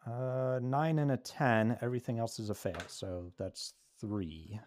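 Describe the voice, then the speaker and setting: A man with a mid-range voice plays in a tabletop horror game, working out his moves aloud. His talk is relaxed and casual. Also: mid-range voice, unhurried, a little hiss or hum. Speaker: player.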